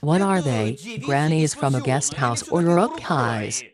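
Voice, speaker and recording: A narrator reads a scripted film review slowly in a dry, sarcastic tone, mocking each scene in slightly broken English. His middle-pitched voice has lively intonation, and movie sound plus a noisy crowd can be heard underneath.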